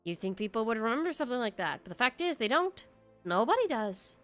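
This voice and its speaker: A woman voicing a motherly female tavern keeper who runs an adventurers' guild, reading game dialogue aloud in a slow put-on southern drawl. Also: a little high, sing-song. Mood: warm, storytelling. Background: soft background music.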